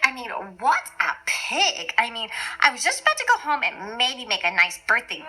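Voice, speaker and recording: A woman's voice: sits high, pushed and bright, full character voice, rough recording. A woman voicing a chatty, self-pitying male big bad wolf, telling a kids' story with rambling, defensive asides. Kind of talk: storybook reading for kids. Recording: music playing underneath.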